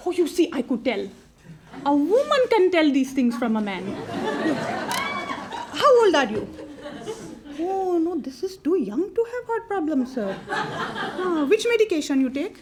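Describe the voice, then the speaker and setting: A woman's voice: sits high, heavily acted. A woman playing a chatty older temple lady with a foreign accent, who halts with many fillers and mothers the caller on the phone in a live comedy monologue. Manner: patient, motherly, talks to the caller like a nosy aunt.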